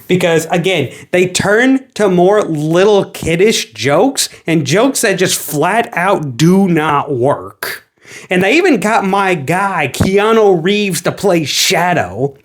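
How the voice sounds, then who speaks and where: High-voiced man rambling on a podcast. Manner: rambling, animated retelling with acted quotes. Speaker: podcast co-host. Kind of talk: casual chat.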